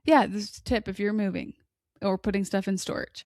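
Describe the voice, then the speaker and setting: A woman's voice: mid-range voice, brisk, a little mellow, dry recording, studio quality. A woman in her thirties co-hosting a podcast, telling long rambling stories in casual chat. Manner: chatty, rambling storyteller. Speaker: podcast co-host.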